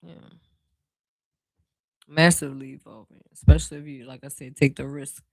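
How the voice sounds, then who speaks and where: A tarot reader with a New Orleans accent gives a casual card reading and speaks straight to the listener. The phrasing is slow and drawn out, full of soft fillers. The voice sounds dry and close, with no room echo. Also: mid-range voice, little pitch movement, vocal fry. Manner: reassuring, speaks straight to the viewer.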